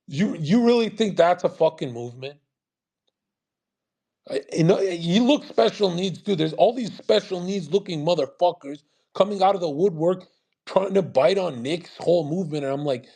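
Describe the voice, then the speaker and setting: Dude going off in a live audio chat, swearing nonstop, mocking and repeating himself, raspy voice. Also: male voice, on the high side, moderate pace, darkish tone. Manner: profane, aggressive and scornful, repeats himself. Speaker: online streamer.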